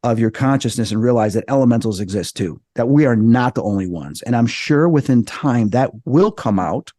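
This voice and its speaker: A man appearing as a podcast guest, telling a story in an excitable, animated way. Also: moderate pace, no echo, clean studio sound. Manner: excitable, acts out quoted voices with big jumps in pitch.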